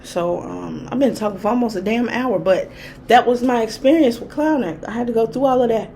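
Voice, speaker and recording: A woman's voice: fairly high pitch, brisk, gravelly, dark tone, slight background noise. A woman hosting her own spiritual channel, telling a personal story in a chatty, casual way with lots of laughter. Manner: chatty, laughs often, vivid quoted reactions.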